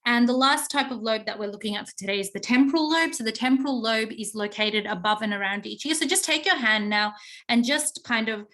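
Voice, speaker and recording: A young adult woman, a psychology teacher explaining to her class, often checking in with "okay?" and pausing on fillers. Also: fairly high pitch, a bit bright. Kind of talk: recorded online class lecture.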